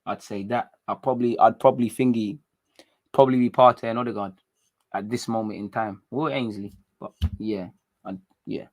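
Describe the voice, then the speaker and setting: A British man from England hosting a casual livestream, chatting in slang, reading viewer comments and talking with animated energy. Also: fairly low pitch, moderate pace. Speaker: livestream host.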